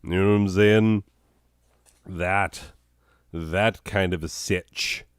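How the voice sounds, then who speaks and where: A hoarse, sick man hosting a comedy show, rambling in a deadpan way with chuckles and coughs. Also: low-pitched, takes it slowly, no echo, studio quality.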